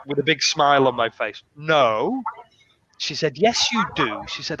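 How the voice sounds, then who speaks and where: A man's voice: on the high side, a little slow. A man, an English teacher, telling stories in a casual conversation and acting out the voices in his quotes. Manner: animated, acts out quotes with shifting voices. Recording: muffled lo-fi sound with faint noise.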